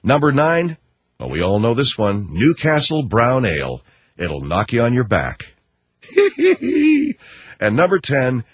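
Male radio host, husky, wisecracking, lively swings in pitch. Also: no room sound. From United States. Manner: rambling, wisecracking, animated storytelling. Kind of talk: casual radio talk.

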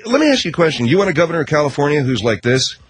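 A man's voice: a little high, sing-song. A man hosting a talk show, delivering a combative, sarcastic rant. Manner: combative, sarcastic, rapid ranting. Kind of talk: ranting talk-radio commentary.

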